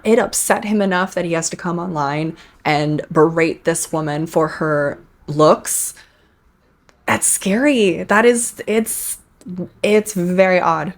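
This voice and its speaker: Low-voiced woman hosting casual commentary. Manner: chatty, with frequent restarts and laughs. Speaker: commentary channel host.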